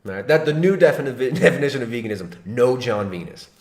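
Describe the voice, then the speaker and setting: A man's voice: medium pitch, lively intonation, fast, roomy sound. A man hosting a livestream, giving mocking reaction commentary in a sarcastic, laughing way. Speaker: livestream host.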